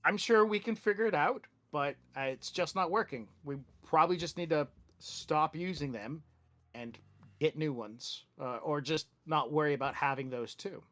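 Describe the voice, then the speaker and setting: A man's voice: a little high, moderate pace, fairly bright tone, natural voice. A man voicing a dismissive, passive-aggressive male hacker teammate in a tabletop game.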